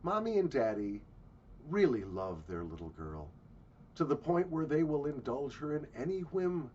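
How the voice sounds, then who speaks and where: A man's voice: mid-range voice, darkish tone, highs cut off, a little hiss or hum. A man from the United States giving blunt, sarcastic travel commentary with swearing. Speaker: travel vlogger.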